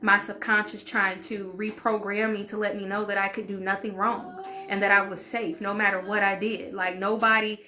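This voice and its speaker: Bright-voiced woman telling a frank story. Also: mid-range voice, moderate pace, hardly any pauses. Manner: animated, frank, peppered with "like" and swearing. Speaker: vlogger and healing channel host. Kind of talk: casual story-time monologue.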